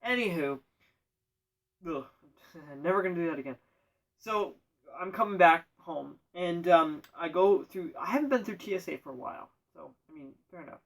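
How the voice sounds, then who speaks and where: A man spins a rambling comic monologue in a deadpan manner, tripping over his words and correcting himself. His voice sits fairly high for a man. He sounds distant from the microphone. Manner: deadpan, self-correcting, absurd asides. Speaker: storyteller.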